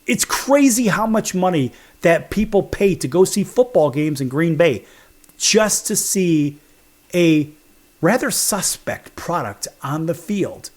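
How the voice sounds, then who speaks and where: Speaking slowly but animatedly in a higher voice, this studio sports talk host from Chicago, USA, runs through a rankings countdown. His emphasis is sarcastic and full of wisecracks.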